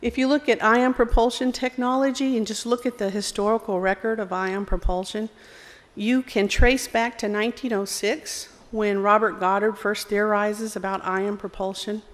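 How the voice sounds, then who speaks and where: A woman's voice: medium pitch, steady tone, normal speed. Southern lady giving a talk, friendly, lots of um, big echoey hall. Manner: self-deprecating, friendly, with fillers. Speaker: program executive presenting. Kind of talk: conference presentation. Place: conference hall. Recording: long hall reverb.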